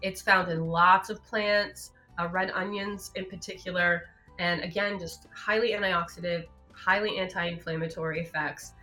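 A woman's voice: fairly low pitch, steady tone, normal speed, pushed and bright, soft background music. A woman, a naturopathic doctor, talking casually on a live show, explaining health topics in a chatty way with many fillers.

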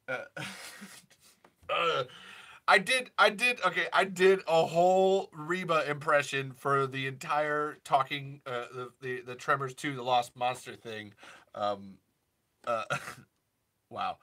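A man's voice: medium pitch, pushed and bright. A man hosting a casual impressions chat, giggly and rambling, with many fillers. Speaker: impressionist host.

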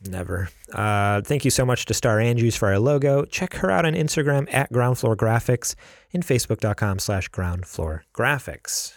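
A man's voice: mid-range voice, lively intonation, normal speed, no echo, clean studio sound. A man co-hosting a casual gaming podcast, talking in a laid-back, rambling way with lots of fillers. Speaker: podcast co-host.

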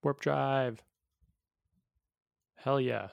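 A man co-hosting a relaxed podcast, thinking aloud in a musing way and laughing often. His voice sits in a middle pitch, and the recording is dry and close. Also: extremely slow, vocal fry, no echo, lo-fi sound. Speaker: podcast co-host. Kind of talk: casual chat.

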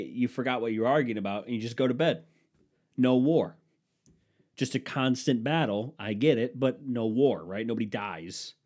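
A man with a stuffy nose doing a profane comedy rant at home, swinging between loud outbursts and low mutters. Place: room at home with a dehumidifier running.

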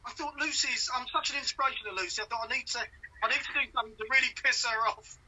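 A man's voice: very high-pitched, rapid-fire, sharp tone, a little hiss or hum, rough recording. A middle-aged man from London with a Cockney accent, a comedian chatting as a guest and laughing at his own stories. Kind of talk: casual chat.

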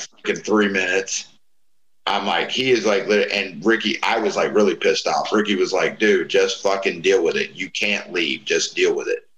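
A man's voice: low voice, a bit bright, reverberant, rough recording. A man casually telling profane wrestling stories, acting out the voices of people he quotes. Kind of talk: casual storytelling chat.

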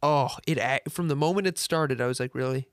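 A man's voice: on the high side, fairly quick, no echo, studio quality. Exasperated man rambling about a movie. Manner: rambling, exasperated, many restarts. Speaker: podcast co-host. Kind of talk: casual movie review chat.

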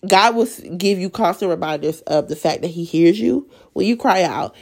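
A woman with a raspy, sinus-strained voice giving an emotional, earnest faith talk as a Bible study leader, stuttering and restarting as she goes. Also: lowish voice, moderate pace, darkish tone. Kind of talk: casual devotional talk.

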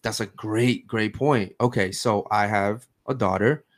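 A man's voice: fairly low pitch, a little slow. A man in his thirties hosting a casual podcast chat, talking emphatically and often checking in with "right?". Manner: emphatic, keeps asking "right?". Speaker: podcast host.

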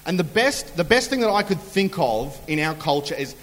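A man's voice: on the high side, sing-song, moderate pace, fairly bright tone. A man preaching a humorous sermon in a chatty storytelling way, acting out quotes. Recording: long hall reverb.

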